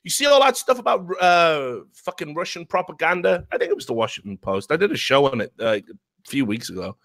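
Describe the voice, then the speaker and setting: A man's voice: on the high side, very animated, fairly quick, vocal fry, fairly bright tone. A man co-hosting a podcast, arguing emphatically in a heated casual debate and swearing freely. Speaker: co-host.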